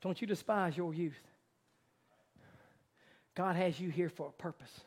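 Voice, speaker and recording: A man with a notably high voice preaches a sermon from the pulpit. He drops to a hushed softness, then builds to a loud, climbing fervor. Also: unhurried. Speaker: pastor.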